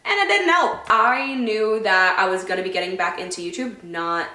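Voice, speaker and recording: A woman's voice: medium pitch, normal speed, sharp tone. Heartfelt, rambling woman vlogger, echoey room. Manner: heartfelt, rambling, loses her train of thought. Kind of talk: casual sit-down talk to camera. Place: indoor room away from her home.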